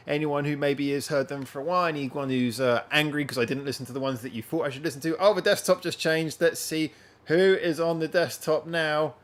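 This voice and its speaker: A man hosting a casual live-stream chat from home, rambling and chatting directly to his viewers. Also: fairly high pitch. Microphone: wearing headphones.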